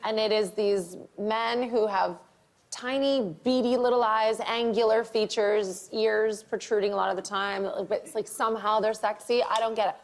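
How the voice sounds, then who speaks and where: A woman on a comedy quiz panel explains her answers in a wry, matter-of-fact way. Her voice sits in a middle pitch, with a dry, knowing tone. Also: fairly even intonation, moderate pace. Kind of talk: comic panel banter.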